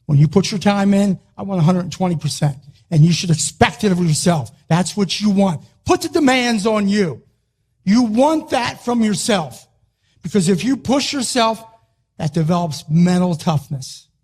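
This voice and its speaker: A man delivers a rousing motivational talk, his voice pitched high for a man. He hammers short phrases again and again like a wrestling coach pushing his team. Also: lively intonation, moderate pace, darkish tone, husky. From Philadelphia, US. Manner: emphatic, punchy, repeats short phrases. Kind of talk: motivational speech.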